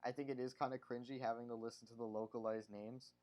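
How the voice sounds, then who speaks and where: A young man hosts a casual livestream chat. His voice sits at an ordinary middle pitch. He rambles, restarting sentences and filling gaps with "like" and "uh". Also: little pitch movement, fast talker, darkish tone. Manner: rambling, many fillers and restarts. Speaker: streamer host.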